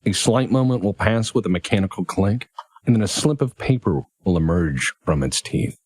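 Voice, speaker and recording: A man narrating as game master of a tabletop role-playing game, descriptive and lively, with laughing asides. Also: fairly low pitch, moderate pace, no echo.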